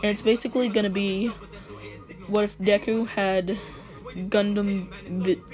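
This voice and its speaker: A woman's voice: mid-range voice, steady tone, measured pace, a little mellow. A woman casually telling a fan-fiction story in slangy, joking talk, often breaking into laughter.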